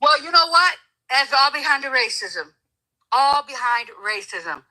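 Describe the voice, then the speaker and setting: A woman with a high, ringing, very bright voice talks politics in a heated chat. She preaches and mocks, hammering her points home through repetition. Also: a little slow, low-quality recording. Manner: emphatic, preachy, mocking, repeats herself. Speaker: guest commentator.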